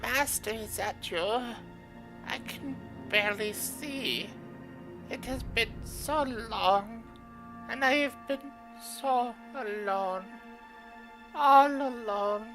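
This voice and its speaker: A frightened, lonely servant begging to be heard, as a woman puts the voice on. The voice sits up high and trembles with every plea, and the words come slowly, like a fantasy game figure read aloud by a streamer. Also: over music. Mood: pleading, frightened. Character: timid, pleading captive servant, lonely and frightened. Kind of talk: reading game dialogue aloud.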